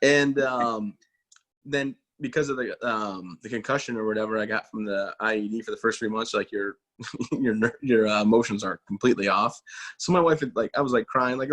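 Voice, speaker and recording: A man's voice: on the low side, brisk, fairly bright tone. Folksy, self-mocking man in his thirties. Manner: folksy, self-mocking, acts out quoted voices. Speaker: guest, army veteran and motivational speaker. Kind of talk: casual interview storytelling.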